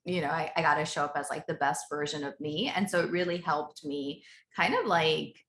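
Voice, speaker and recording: Woman coach in her 30s, bright forceful voice, roomy echo on a video call, chatty with lots of "like". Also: deep voice, brisk, a little hiss or hum. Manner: chatty, filler-heavy, laughs often. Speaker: interview guest, business coach. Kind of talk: casual interview chat.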